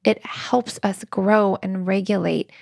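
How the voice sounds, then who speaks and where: A woman's voice: mid-range voice, steady tone, takes it slowly, gravelly, darkish tone, no room sound, studio quality. A woman co-hosting a relationship podcast, telling earnest personal stories with quoted dialogue. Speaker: podcast co-host. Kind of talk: relationship advice conversation.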